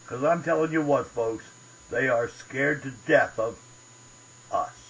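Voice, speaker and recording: Gravelly, indignant ranting man. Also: medium pitch, unhurried, a bit bright, low-quality recording. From Pennsylvania. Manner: indignant, profane, combative. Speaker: host. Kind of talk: ranting political commentary.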